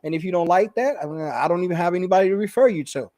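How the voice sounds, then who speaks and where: A man with a Chicago accent hosting a casual business talk show, animated and slangy, laughing often. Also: high-pitched, rapid-fire, no room sound. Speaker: podcast host. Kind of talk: casual chat.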